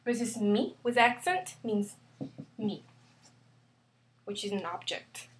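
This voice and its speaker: A woman teaching a grammar lesson, slowly and carefully spelling out each example. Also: medium pitch, lively intonation, husky. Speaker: Spanish teacher.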